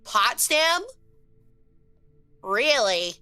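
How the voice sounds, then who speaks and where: Excitable woman streamer, high sharp voice, cussing a lot and chatting w viewers. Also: extremely slow, clean tone, soft background music. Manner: excitable, swears a lot when frustrated, chats with viewers. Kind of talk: casual live-stream game commentary.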